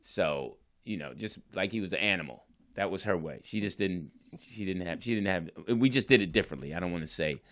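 A man's voice: sits low, animated, brisk, a bit bright. A divorced father telling his family story in a casual, earnest, rambling way, often restarting his sentences.

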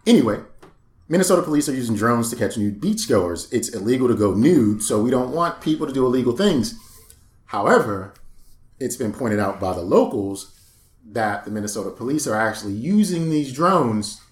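A man's voice: medium pitch, lively intonation, normal speed. A man co-hosting a casual comedic podcast who brings up news stories with laid-back, dry humor and casual swearing. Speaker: podcast co-host. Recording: echoey room.

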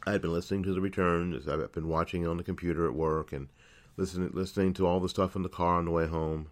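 A fast-talking middle-aged man hosts his own internet radio show, his very deep, low voice staying fairly even in intonation over a studio microphone. He tells a personal story casually and loosely, repeating words and self-correcting as he restarts sentences.

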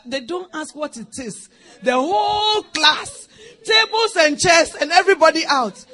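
A woman preaching a sermon, acting out scenes and swinging between loud outbursts and hushed whispers, often laughing as she speaks. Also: high-pitched.

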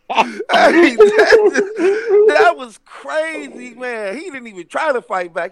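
Male co-host, high lively voice, animated storyteller in loose banter. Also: very slow. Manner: animated, acts out quotes with laughter. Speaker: podcast co-host. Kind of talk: casual chat.

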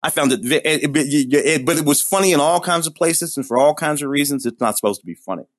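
A man in his forties co-hosting a casual movie chat, halting with restarts and laughing asides. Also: fairly high pitch, no echo, clean studio sound. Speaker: co-host.

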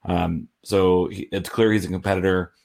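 A man co-hosting a casual sports podcast over a call, measured and earnest, filling with um and you know. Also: sits low, little pitch movement, gravelly, a little mellow. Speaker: podcast co-host.

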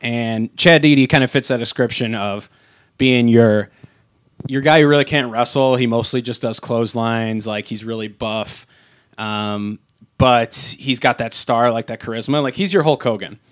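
A man talking casually on a podcast, circling back and restarting his sentences with plenty of fillers. His voice sits at an ordinary pitch for a man. The close mic gives a dry, dead sound. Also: moderate pace, clean tone, no echo. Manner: rambling, many fillers and restarts. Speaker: podcast co-host. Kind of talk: casual chat.

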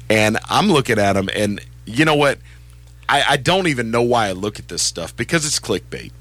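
A man co-hosting a sports radio show, chatting casually in an animated, self-deprecating way. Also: fairly low pitch.

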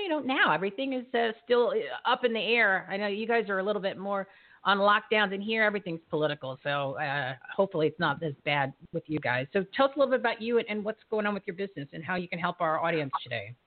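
A woman hosting a live talk show, enthusiastic and hyping her guests. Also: mid-range voice. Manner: enthusiastic, hypes guests, laughs often. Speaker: host. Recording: tinny phone-like line.

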